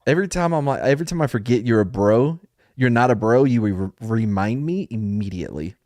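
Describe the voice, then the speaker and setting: Lively joking male podcast host. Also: medium pitch, normal speed, dry recording. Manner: joking, rambling, laughs often. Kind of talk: casual chat.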